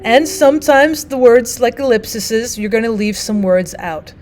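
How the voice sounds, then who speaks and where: A woman's voice: a little high, animated, unhurried, a little mellow. A woman teacher narrating a recorded language arts lesson, explaining and reading quotes aloud with emphasis.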